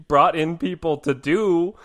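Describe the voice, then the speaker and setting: A man's voice: a little high, unhurried, a bit bright. A man co-hosting a podcast, recapping an episode in casual chat, laughing often and using many fillers. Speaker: podcast co-host.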